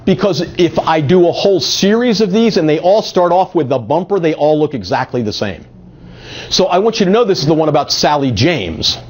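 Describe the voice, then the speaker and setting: A man's voice: on the high side, very animated, a little fast. A man giving a live marketing workshop at a meetup, energetically coaxing volunteers from the audience to join in. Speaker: marketing presenter. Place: meeting room at a group meetup. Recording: dull lo-fi audio.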